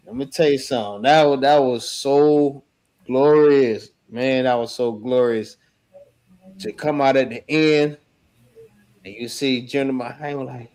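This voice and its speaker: Animated slangy young man telling a story. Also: fairly high pitch, measured pace. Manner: animated, slangy, acts out shouted quotes. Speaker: member recounting an event. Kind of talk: casual storytelling chat.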